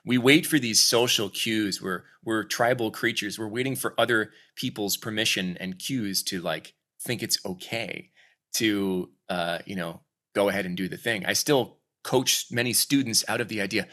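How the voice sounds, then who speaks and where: A voice actor chatting casually in an interview, lively and acting out quoted lines as he coaches. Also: lowish voice, normal speed. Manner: animated, acts out quoted voices. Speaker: voice actor guest.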